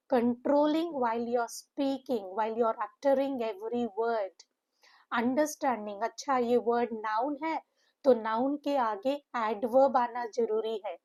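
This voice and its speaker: In a slightly high, slightly mellow voice, a female English teacher runs an exam-prep class, breaking things down one word at a time while weaving Hindi phrases into her English.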